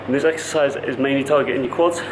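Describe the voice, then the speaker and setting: A man's voice: medium pitch, steady tone, quick pace, background noise. A man who coaches fitness, talking casually to the camera in a vlog and explaining things in loose, stop-start phrases.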